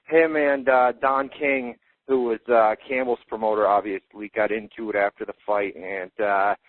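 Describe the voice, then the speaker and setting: A man's voice: fairly low pitch, level tone, normal speed, dry recording. A man hosting a radio fight-talk show, recapping events in casual chat with frequent "uh" fillers. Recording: tinny phone-like dry audio.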